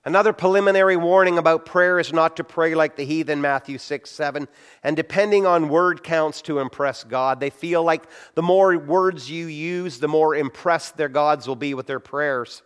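Preaching conversationally on prayer, this middle-aged pastor has a slightly high, clean-toned voice and a moderate pace. He performs brief quotes while telling his stories.

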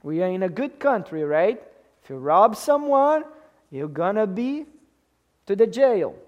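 A man's voice: high-pitched, big pitch swings, a little slow, muffled recording. A man preaching a sermon to a congregation in an emphatic way, often checking in with them by asking questions. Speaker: pastor.

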